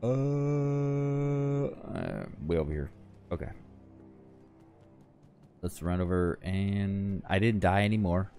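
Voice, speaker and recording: A man's voice: lowish voice, animated, takes it slowly, pauses often, dark tone, clear, resonant tone, soft background music. A tired man giving rambling, chatty commentary over his own gameplay, often correcting himself as he goes. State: tired, yawning. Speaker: gaming channel host.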